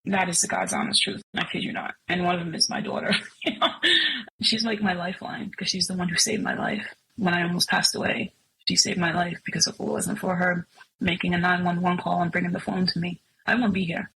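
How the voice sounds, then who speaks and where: A woman's voice: fairly low pitch, level tone, fairly quick, vocal fry, background noise. A middle-aged woman sharing a personal story as a guest, speaking earnestly and emotionally with many fillers. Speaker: podcast guest.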